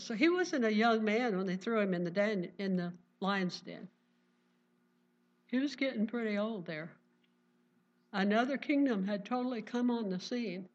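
A woman teaching a Bible study in an earnest sermon style, reading verses and often saying praise. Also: mid-range voice. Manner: earnest, exclaims "Praise the Lord". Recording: dull lo-fi recording.

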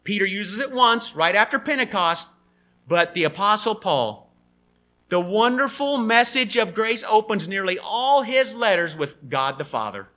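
A man preaching a sermon in an animated way, acting out the quoted voices. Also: high-pitched, a little slow.

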